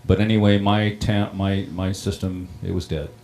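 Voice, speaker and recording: A middle-aged man who runs a town water system recounts a personal story in a plain-spoken, halting way. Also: low-pitched, little pitch movement, darkish tone. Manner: plain-spoken, halting, many ums and restarts. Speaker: water district operator on a panel.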